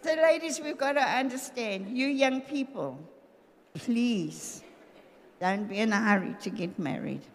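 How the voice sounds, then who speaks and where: An older woman delivers a sermon with a high, animated voice, mimicking spouses for comic effect. Her voice rings through a large hall, and a faint ambient hum sits underneath. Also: measured pace. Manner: lively, humorous, acts out voices of husband and wives. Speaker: pastor's wife preaching. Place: church hall.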